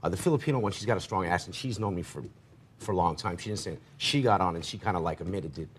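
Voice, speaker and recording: A man's voice: low-pitched, slightly rough. A man telling his side of a dispute in a televised courtroom, rambling through his account with quoted back-and-forth. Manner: rambling, rapid retelling with quoted dialogue. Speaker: defendant.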